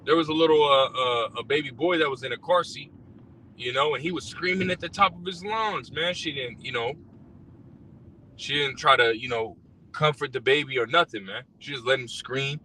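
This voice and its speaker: Sitting in his car, a man who drives for a rideshare service goes on a casual, profane rant about scripture, repeating himself and using lots of fillers. He has a sharp, medium-pitched voice at normal speed, picked up by a distant mic along with faint car noise.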